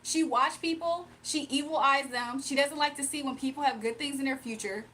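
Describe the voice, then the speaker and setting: With a high, bright, forceful voice at normal speed, a young livestreamer offering spiritual readings reads out viewer comments. She responds bluntly and confrontationally, over a little hiss or hum.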